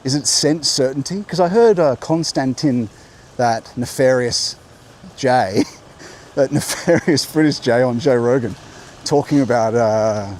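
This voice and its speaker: Man, mid-pitched voice, wandering walk-and-talk vlogger who keeps interrupting himself, clip-on mic, faint outdoor ambience. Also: takes it slowly, a little mellow, slight background noise. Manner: rambling, musing, self-interrupting. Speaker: host. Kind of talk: walking vlog monologue. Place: outdoor coastal walk by a beach.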